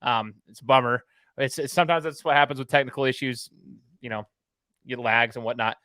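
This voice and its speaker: An easygoing man co-hosting a sports podcast, agreeing with and adding to his partner's points in casual chat. His voice is mid-pitched and close, recorded dry with no room sound. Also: fairly even intonation, a little fast, sharp tone, no echo. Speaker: podcast co-host.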